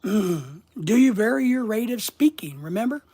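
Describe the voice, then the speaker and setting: A middle-aged man coaching about social media in a folksy, deliberate way, asking his listeners question after question and pausing often. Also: high-pitched, sing-song, dark tone. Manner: folksy, asks the audience rhetorical questions, slow deliberate pauses. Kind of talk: motivational instructional monologue.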